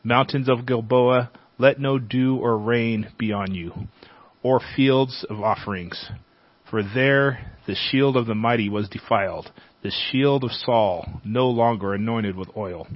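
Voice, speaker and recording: A man reading a Bible chapter aloud as a teacher, at a measured pace. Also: mid-range voice, dry recording. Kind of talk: scripture reading. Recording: dull, dry lo-fi sound.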